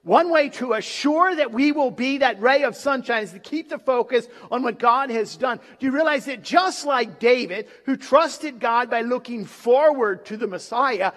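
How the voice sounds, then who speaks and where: A man preaching a sermon in a church, dramatic, pausing for effect and acting out the quotes he gives. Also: extremely high pitch, a bit bright. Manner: dramatic, with pauses and acted quotes. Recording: long reverb of a large hall.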